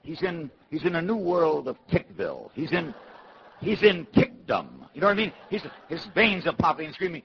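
A man from New City, telling a comic story to a live audience with punchy, animated delivery. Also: fairly high pitch, brisk, vocal fry, muffled recording, slight background noise. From New York City. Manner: animated, punchy, swings between loud and hushed.

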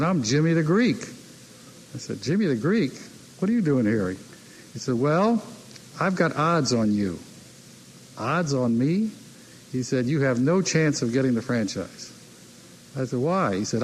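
An older man recounts his business stories in an anecdotal, conversational way, repeating key phrases for effect and acting out what others said to him. His voice sits at a middle pitch. A faint noise runs under the recording. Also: poor audio. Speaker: team owner telling stories. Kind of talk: anecdotal speech.

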